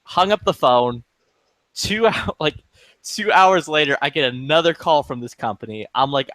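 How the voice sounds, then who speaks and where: A man telling friends a long angry story in a profane, animated, fast-building rant. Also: mid-range voice, no room sound. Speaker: chat participant telling a story.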